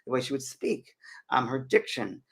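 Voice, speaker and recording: Husky, gravelly man telling a story. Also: mid-range voice, normal speed. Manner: animated, repeats and restarts often. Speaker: host. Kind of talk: casual storytelling chat.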